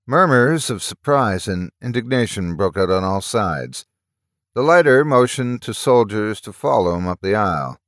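Man, story narrator, low voice, lively delivery, dry close recording. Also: normal speed, no echo. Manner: dramatic storytelling. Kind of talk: scripted narration.

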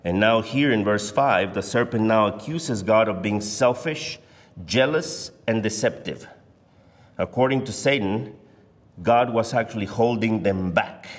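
A man teaching an adult Bible class in a church, speaking in a measured, deliberate way and stressing key words. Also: on the low side. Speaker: Sunday school teacher. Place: church sanctuary. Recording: long reverb of a church hall.

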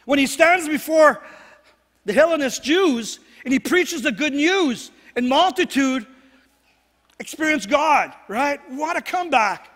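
High-voiced pastor preaching in an echoing hall. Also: male voice, lively intonation, a little slow, a bit bright. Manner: earnest, repeats phrases, asks "right?" often. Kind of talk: sermon. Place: church sanctuary. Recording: long hall reverb.

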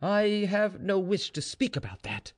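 A man's voice: high voice, sing-song, unhurried, voice pushed up. A man voicing a bitter, envious male servant who talks in a sceptical, challenging way.

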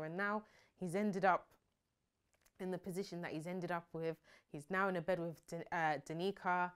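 A young woman giving sassy, animated commentary on a reality show and mocking people's lines in put-on voices. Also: lowish voice, moderate pace, clean tone. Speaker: reality TV reviewer. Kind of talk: casual opinionated commentary.

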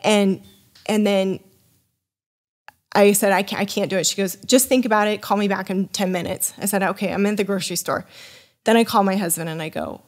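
A woman's voice: mid-range voice, fairly even intonation, a little fast. A young adult woman, a sommelier guest on a podcast, chattily telling a rambling personal story full of restarts and acted-out dialogue. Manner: acts out quoted dialogue with her voice rising. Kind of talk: casual interview storytelling.

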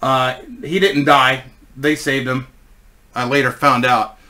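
A man's voice: medium pitch, little pitch movement, slow, pushed and bright. A man in his forties telling a rambling, profane story in a casual way. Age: 40s.

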